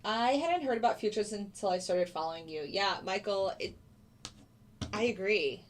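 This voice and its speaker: A woman hosts a live stream in a relaxed, casual way, greeting viewers by name as she talks. Her voice sits at a medium pitch. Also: moderate pace. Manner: chatty, answers viewers by name. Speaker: livestream host. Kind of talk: casual livestream chat.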